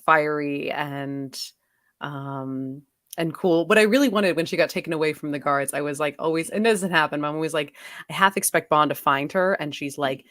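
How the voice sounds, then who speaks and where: A woman co-hosting a casual film podcast, expressive and often hesitant, gasping and laughing. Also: deep voice, normal speed, no room sound, studio quality. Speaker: podcast co-host.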